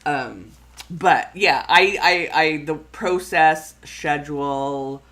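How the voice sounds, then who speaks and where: A woman's voice: low voice, animated, takes it slowly, a bit bright. A middle-aged Canadian woman with a Canadian accent, hosting a planning livestream in a casual, rambling chat full of fillers and restarts.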